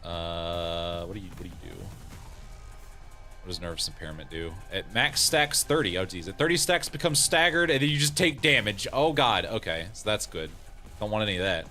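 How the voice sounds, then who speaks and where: A man's voice: deep voice, expressive, normal speed, bright, forceful tone, soft background music. A man streaming a game in casual let's-play commentary, joking, laughing often and reading game lines aloud.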